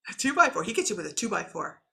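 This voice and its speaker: A woman's voice: fairly low pitch, very animated, racing, gravelly, pushed and bright. A middle-aged woman, a shaman and intuitive reader, chatting casually on a livestream, laughing often and talking to viewers by name.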